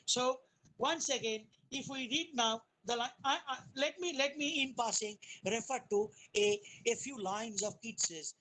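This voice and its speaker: A woman giving an academic webinar lecture on poetry over a video call, explaining in a deliberate way and often restarting her sentences. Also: on the high side, fairly bright tone, a little hiss or hum, rough recording. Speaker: guest lecturer.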